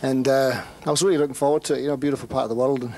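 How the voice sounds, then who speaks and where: A man's voice: mid-range voice, steady tone, very fast, a little mellow, faint music behind. A man who is a singer-songwriter, telling stories in a rambling, amused way and often laughing through his words in a casual interview.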